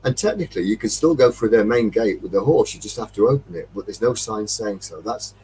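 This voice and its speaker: A low-voiced man from Derbyshire with a Midlands accent tells a rambling, chuckling story, a few beers in. His pitch leaps around as he acts out each voice. He sits back from the mic, with a faint hum underneath. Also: animated, fairly quick, mellow, far from the mic, rough recording. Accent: English Midlands. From Derbyshire, England. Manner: rambling, chuckling anecdotes, acting out dialogue. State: tipsy after a few beers. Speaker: metal detecting chat host. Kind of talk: casual storytelling chat.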